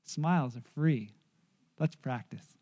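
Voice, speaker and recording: A man preaching as a pastor, telling a story with animated swings from loud to hushed. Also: medium pitch, slow pace. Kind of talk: sermon with storytelling.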